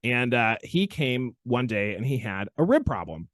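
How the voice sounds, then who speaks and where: A man hosting a chiropractic podcast tells a story with lively, expressive swings in his delivery. His voice sits at an ordinary pitch, and the recording is dry and close, with no room echo. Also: moderate pace. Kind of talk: casual storytelling chat.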